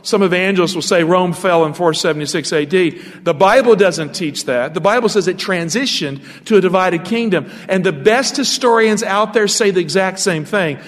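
A man preaches as a pastor, teaching from scripture and pausing to put rhetorical questions to his listeners. His voice sits high for a man. A long reverb trails behind his words. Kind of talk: sermon.

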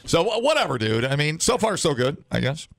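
A man's voice: a little high, sing-song, fairly quick, vocal fry, a bit bright. A man hosting a casual morning radio show, joking and rambling through stories with many restarts.

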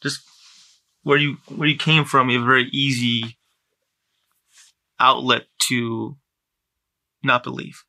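Male podcast host, quietly affirming, very bright, sharp tone. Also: medium pitch, steady tone, slow, gravelly, long pauses. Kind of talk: interview wrap-up.

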